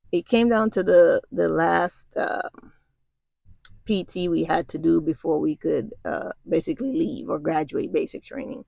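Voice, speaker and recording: A woman's voice: lowish voice, creaky, darkish tone, dry recording. A middle-aged woman casually recounting a personal story, talking in a conversational, colloquial way with frequent asides to the listener. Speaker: storyteller recounting military basic training.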